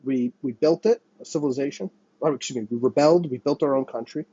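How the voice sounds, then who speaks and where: A man from the United States rants to camera in a husky, darkish voice, swearing freely and looping back over his own words. The sound is dry and slightly muffled, like a cheap home setup in a small apartment. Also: mid-range voice, fast talker, mellow, no echo. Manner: profane, rambling, self-interrupting. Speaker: vlogger. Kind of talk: ranting monologue to camera. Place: small apartment with a running window air conditioner.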